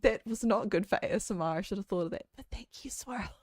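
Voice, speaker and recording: A woman's voice: mid-range voice, fast, darkish tone, no echo. A woman, chatting casually on a livestream in a rambling way, full of filler words. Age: late 20s. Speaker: VTuber streamer. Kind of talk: casual chat stream.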